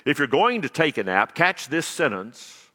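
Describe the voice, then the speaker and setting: A man preaching a sermon as pastor, swinging between loud emphasis and quiet asides. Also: a little high, big pitch swings, moderate pace, in a large hall.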